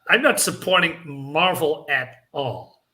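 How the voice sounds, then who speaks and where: A man's voice: fairly high pitch, expressive, takes it slowly, sharp tone. A man chatting on a livestream, hesitant and full of ums. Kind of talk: casual livestream chat.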